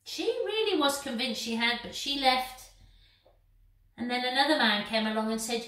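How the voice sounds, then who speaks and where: A woman from England telling a Bible story simply for a church video, with slow, dramatic pauses. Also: fairly high pitch, fairly bright tone. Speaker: church minister. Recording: roomy, distant mic.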